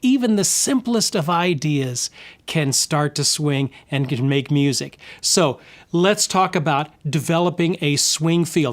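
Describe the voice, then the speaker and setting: A man giving an instructional guitar lesson, explaining patiently and counting and scatting rhythms aloud. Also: a little high. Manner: friendly, explanatory, with restarts. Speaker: guitar teacher.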